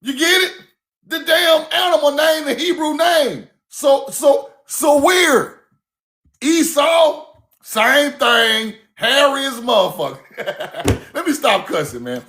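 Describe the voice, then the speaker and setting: A man giving a casual, fiery online lecture, cussing freely, repeating himself and shouting key words. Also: very high-pitched, animated, slow pace. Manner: laughs at own points.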